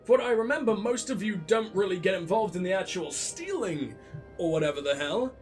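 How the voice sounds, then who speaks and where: During a let's play, a man with a high voice riffs through casual gameplay commentary, loose and animated, swearing freely and sarcastically mocking the characters he encounters. Brisk, soft music runs in the background.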